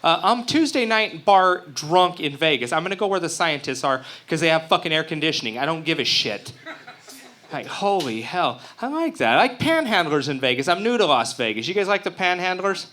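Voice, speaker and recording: Profane stand-up comic, man from Utah, bright forceful tone, a touch higher than most. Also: big pitch swings, brisk. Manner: crude, profane, brash joking. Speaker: stand-up comedian. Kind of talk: stand-up comedy set. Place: open mic stage before a live crowd.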